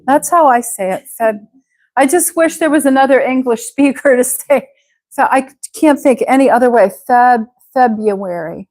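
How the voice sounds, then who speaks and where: A woman's voice: high-pitched, a little mellow, low-quality recording. A woman teaching a live online English class, speaking patiently and drawing out words to model how they sound. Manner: patient, slow, stretches out words to model pronunciation.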